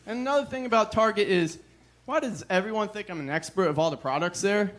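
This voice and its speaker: A young man performing a stand-up comedy set, deadpan and self-deprecating, with a weary "ugh" between jokes. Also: high voice, fast, background noise.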